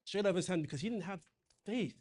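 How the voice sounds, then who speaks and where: Slightly high-voiced male preacher. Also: expressive, quick pace, darkish tone. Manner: conversational, reads scripture aloud and retells it in slang. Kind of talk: sermon.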